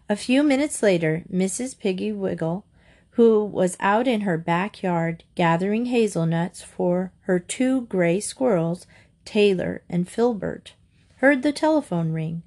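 Woman narrator reading a kids' book aloud; lively and expressive. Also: lowish voice, measured pace. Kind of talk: children's storybook reading aloud.

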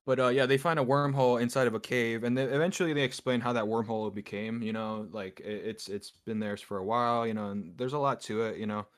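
A man's voice: medium pitch, fairly even intonation, quick pace, few pauses. A man co-hosting a podcast, talking casually and rambling with lots of fillers. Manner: rambling, heavy use of fillers like "you know". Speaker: podcast co-host. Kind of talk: casual chat.

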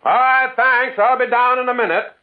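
A man's voice: fairly low pitch, expressive, unhurried, slightly rough. A man in an old radio drama playing a lonely, brooding man who narrates his memories in a wistful, mournful way. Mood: calling out. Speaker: narrator and lead character. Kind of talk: 1940s radio acting. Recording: tinny old radio broadcast.

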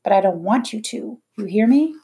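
Woman putting on a harsh mum, sneering, low furious voice, storybook reading. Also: animated, normal speed, dark tone, natural voice. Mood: scornful. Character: harsh scornful working-class London mother.

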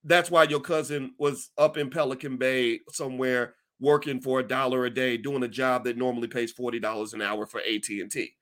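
A man hosting his own podcast, talking to listeners in a folksy, emphatic, animated way and often restarting his sentences. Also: mid-range voice, brisk, few pauses. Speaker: podcast host. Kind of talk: casual commentary to listeners.

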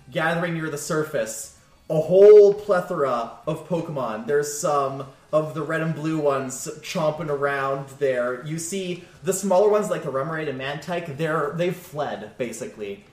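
A man running a tabletop game, narrating the scene in a lively, descriptive way. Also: a little high, a little slow, reverberant. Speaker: game master.

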